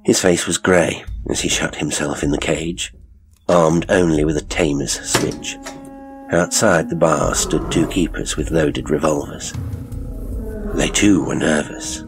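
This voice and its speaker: A man reading a horror story aloud in slow, deliberate, hushed scripted narration. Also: extremely low pitch, over music.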